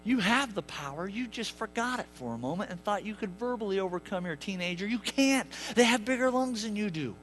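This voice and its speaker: Animated high-voiced male preacher. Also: a little fast, few pauses, slight background noise. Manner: animated, jokey, acts out voices. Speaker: pastor. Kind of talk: sermon with humorous storytelling. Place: church sanctuary.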